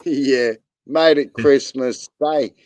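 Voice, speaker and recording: A man's voice: medium pitch, takes it slowly, darkish tone, no echo. An Australian man hosting a livestream, chatting casually while gaming, crude and laid-back with heavy swearing. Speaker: livestream host.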